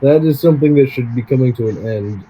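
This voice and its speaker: A man's voice: medium pitch, fast talker, warm tone, slight background noise, poor audio. A man playing a tabletop game, speaking in wry, bantering in-character talk. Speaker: player. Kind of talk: casual tabletop game play.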